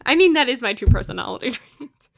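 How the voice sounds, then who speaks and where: Expressive and quick, a young woman with a highish, creaky voice chats casually during a live-streamed game. She's talkative and laughs a lot at what she herself says.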